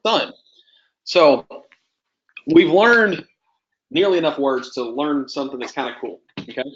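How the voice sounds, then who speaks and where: A man's voice: fairly high pitch, animated, measured pace, slight background noise. A man teaching a Greek class, patiently quizzing students with prompting questions. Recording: muffled lo-fi classroom recording.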